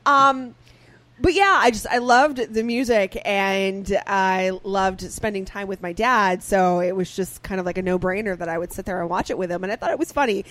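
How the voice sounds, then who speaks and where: A woman's voice: medium pitch, moderate pace, a bit bright. A woman co-hosting a podcast, chatting casually with plenty of fillers and the odd swear. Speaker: podcast co-host. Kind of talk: casual chat.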